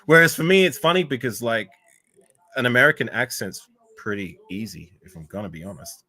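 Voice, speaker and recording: A man with an Australian accent, co-hosting a casual livestream chat in a relaxed, filler-heavy way with lots of "like". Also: mid-range voice, brisk. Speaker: co-host.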